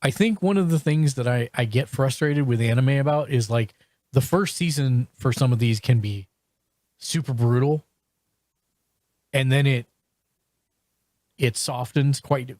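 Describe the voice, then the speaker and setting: A man's voice: medium pitch, darkish tone, no echo. A man hosting a podcast, chatting casually and reviewing shows, with frequent restarts and fillers. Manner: halting, full of restarts and fillers. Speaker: podcast host.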